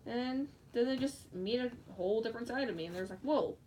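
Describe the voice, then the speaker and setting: A woman chatting casually while she crafts, giggling often and breaking into excited squeals. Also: a little high, quick pace. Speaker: fursuit maker streaming live. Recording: distant mic with faint background noise.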